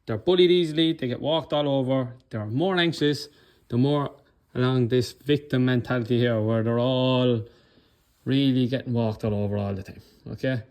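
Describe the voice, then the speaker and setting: With a mid-range, somewhat mellow voice at normal speed, an Irish man delivers a motivational coaching talk marked by controlled anger and passion. He speaks bluntly, swears, and keeps checking in with "okay?".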